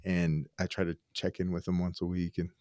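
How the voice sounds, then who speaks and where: A middle-aged man as a podcast guest, soft-spoken, often agreeing with a quiet "yeah". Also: low voice, level tone, brisk, no room sound, clean studio sound. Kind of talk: casual conversational interview.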